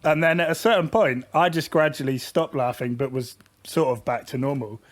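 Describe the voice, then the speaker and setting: A young man co-hosting a relaxed podcast. His voice sits high for a man, and he talks in halting bursts full of restarts and quick laughs. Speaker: podcast co-host. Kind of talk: casual chat.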